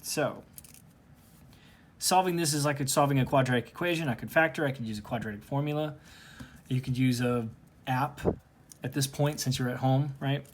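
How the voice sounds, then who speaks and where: A man teaching calculus in a relaxed, recorded lesson. He talks through each step aloud as he works the problem, keeping his voice at an ordinary middle pitch. The delivery is casual and conversational. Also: moderate pace, long pauses, a little hiss or hum. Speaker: math teacher. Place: at home.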